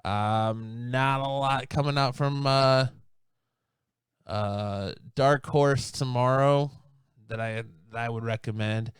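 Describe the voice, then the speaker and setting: Smooth-voiced man hosting a casual show. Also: medium pitch, slow, no echo. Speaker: podcast host.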